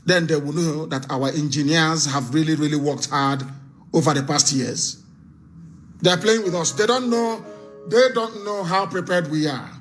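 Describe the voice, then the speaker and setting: A man hosting a live call-in broadcast, speaking in forceful, repetitive oratory. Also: on the high side, normal speed, faint music behind. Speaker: host.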